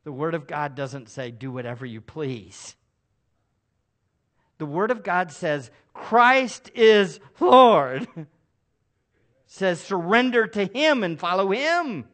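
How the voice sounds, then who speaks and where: A man's voice: on the high side, lively intonation, slow pace, long pauses, a bit bright. A male pastor preaching a sermon to a congregation, emphatic and calling for responses. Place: church service with a congregation.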